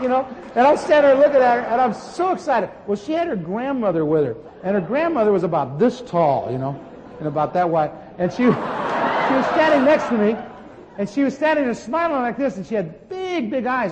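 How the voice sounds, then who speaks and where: A man preaching a sermon and telling healing stories in an animated way, with sudden shouts. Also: high-pitched, normal speed, a crowd in the background, background noise. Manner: animated storytelling, bursts of shouting. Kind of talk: sermon teaching with testimony. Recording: long hall reverb.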